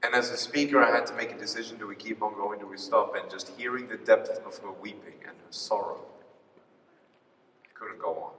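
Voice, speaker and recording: A man giving a live motivational talk, telling a personal story in an animated way and acting out the dialogue. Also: lowish voice, brisk, recorded from a distance, a little hiss or hum. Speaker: motivational speaker. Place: large hall before an audience. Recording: echoey hall picked up from afar.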